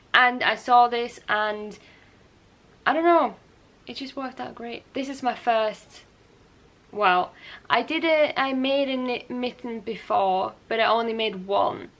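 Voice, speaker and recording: Chatty young woman with a high voice. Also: sharp tone. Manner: chatty and rambling, with light laughs and self-corrections. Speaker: knitting podcast host. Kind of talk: casual show-and-tell chat.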